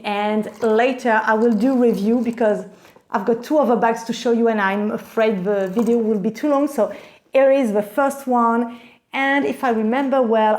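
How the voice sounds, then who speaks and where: A woman's voice: fairly high pitch, darkish tone. A woman, gushing and gasping with delight as she unboxes bags in a casual vlog. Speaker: vlogger.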